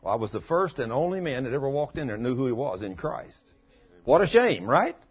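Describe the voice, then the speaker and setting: A man's voice: mid-range voice, sing-song, fairly quick, husky. A man preaching in a folksy sermon, telling a testimony and rising to fervent outbursts. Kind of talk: sermon storytelling. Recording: dull lo-fi recording.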